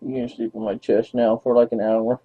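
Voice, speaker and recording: A man's voice: medium pitch, little pitch movement, a little fast. A young man rambling playfully to his dog on camera in baby talk, as a vlogger. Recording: tinny phone-like lo-fi audio.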